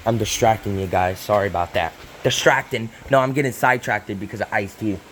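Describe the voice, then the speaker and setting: A man's voice: lowish voice, brisk, a bit bright, slight background noise. A young man hosting a casual repair vlog in a hot garage, rambling and self-interrupting with apologetic asides. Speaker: channel host.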